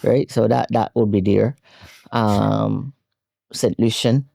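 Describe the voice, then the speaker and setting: A woman talks as a guest on a casual podcast, playful and animated, laughing easily. The studio sound is dry and close. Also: extremely low pitch, takes it slowly, gravelly, dry recording. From London, England. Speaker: guest, comic actress.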